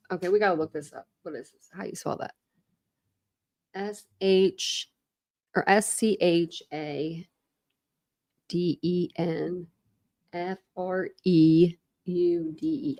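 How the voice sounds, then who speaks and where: This woman reads a book aloud on a home live stream as a thunderstorm goes on, stopping often to talk, laugh and fumble tricky words. Her lowish, slightly mellow voice stays fairly even, with a slow pace and long pauses. The sound is studio quality, without echo.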